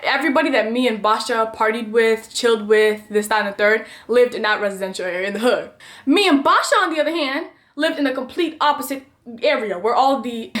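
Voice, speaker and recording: Animated young woman telling a storytime. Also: on the high side. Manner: animated, chatty, dramatic retelling. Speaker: vlogger. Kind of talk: storytime vlog.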